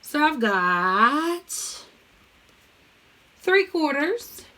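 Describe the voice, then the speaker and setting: Bright, sing-song woman teaching young kids. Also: high voice, big pitch swings, drawn-out words. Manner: cheerful sing-song, sings short rhymes. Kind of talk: recorded online math lesson for young children.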